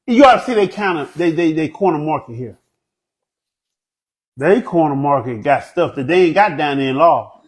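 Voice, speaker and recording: Funny guy telling stories, high lively voice, keeps clowning around. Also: moderate pace, rough recording. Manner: animated, jokes in a put-on proper voice. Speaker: comedian guest. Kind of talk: comic storytelling.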